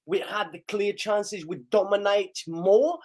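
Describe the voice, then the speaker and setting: A man hosting a live match reaction stream, slightly hoarse, excitable and shouting and chanting at big chances. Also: sits high, unhurried. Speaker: live stream host, fan of the team.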